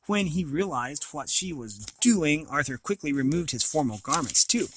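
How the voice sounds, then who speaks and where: A man's voice: on the high side, expressive, normal speed, husky. A man reading a novel aloud, with occasional slips and restarts. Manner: reads with small slips and restarts. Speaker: reader of an audiobook.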